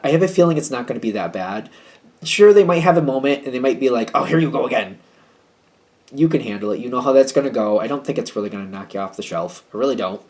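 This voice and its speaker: A man's voice: mid-range voice, darkish tone. A man giving a casual tarot reading to his viewers, chatty and hedging, with a wry, slightly snippy tone. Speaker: tarot reader.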